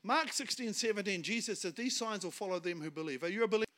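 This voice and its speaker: A middle-aged man with a New Zealand accent delivers a storytelling sermon as a guest speaker, telling funny stories and laughing at his own jokes. His voice is high, animated, fast and bright, with a forceful tone.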